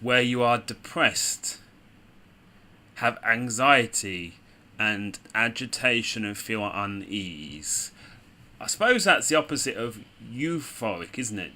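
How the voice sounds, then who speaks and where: A man's voice: mid-range voice, expressive, takes it slowly, bright, forceful tone. A man giving casual, chatty commentary on a game with sarcastic asides. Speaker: gaming video host.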